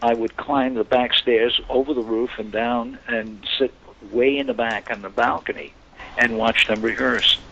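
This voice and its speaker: Gravelly older man telling stories. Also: mid-range voice, moderate pace, highs cut off, a little hiss or hum. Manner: animated anecdotes, acts out quoted voices. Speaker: guest actor. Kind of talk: storytelling interview chat.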